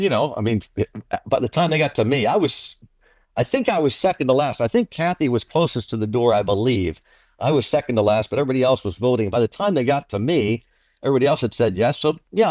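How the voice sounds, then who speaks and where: A man who is a baseball play-by-play broadcaster, telling a long story in an interview, animated and often repeating himself. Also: medium pitch, no room sound, studio quality. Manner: animated, repeats and restarts phrases.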